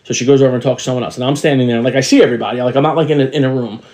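A man's voice: medium pitch, steady tone, racing, darkish tone. A middle-aged man co-hosting a casual podcast, telling rambling stories and acting out the voices of people he met. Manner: rambling storyteller, acts out quoted voices. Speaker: podcast co-host. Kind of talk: casual chat.

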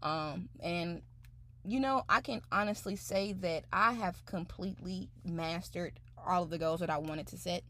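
A woman's voice: on the low side, unhurried, a bit bright. A woman hosting her own podcast, talking in a chatty, upbeat way full of "you know" and "like". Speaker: podcast host. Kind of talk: casual podcast monologue.

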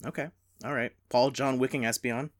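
A man's voice: medium pitch, steady tone, moderate pace. A man co-hosting a podcast, reading aloud and commenting in a wry, amused way. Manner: wry, amused, laughs between lines. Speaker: podcast co-host. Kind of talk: casual chat and reading aloud.

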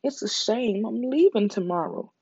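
A Southern US reader puts on a worldly, condescending young starlet, her lines drawn out and airy. The voice stays mellow and soft, fit for ASMR story reading. The recording is dry and dull, like a lo-fi track. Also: medium pitch, expressive, normal speed, breathy edge, no room sound, voice pushed up. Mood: patronizing.

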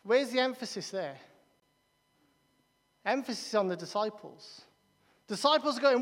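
A man preaching a sermon in a church, emphatic and repeating key phrases, with quick restarts. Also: very high-pitched, lively intonation. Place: large church hall. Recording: long reverb of a large church hall.

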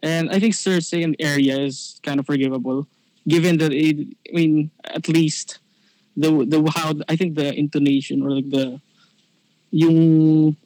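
A man's voice: on the high side, fairly even intonation, a little slow, mellow, no room sound, rough recording. A man talking in casual chat on a podcast, hesitant with restarts, slipping into Tagalog. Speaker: podcast guest.

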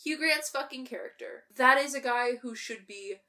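A woman's voice: high-pitched, moderate pace, bright, forceful tone, recorded from a distance. A woman, co-hosting a casual movie podcast, sarcastic and swearing freely. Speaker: podcast co-host. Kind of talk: casual movie recap chat.

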